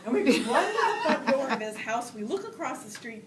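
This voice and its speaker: Animated woman telling a story in a hall. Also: sits high, a little fast, far from the mic. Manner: animated, acts out voices, laughs often. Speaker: Toastmasters speaker. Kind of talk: storytelling speech. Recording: roomy hall recorded from afar with noise.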